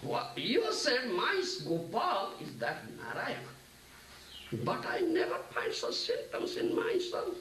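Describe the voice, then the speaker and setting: A man voicing a devoted, simple elderly father in a retold scripture story, pleading slowly and checking with repeated "huh?". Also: extremely high pitch, huge pitch swings, fairly bright tone, full character voice. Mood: earnest. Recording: echoey room, distant mic, faint noise.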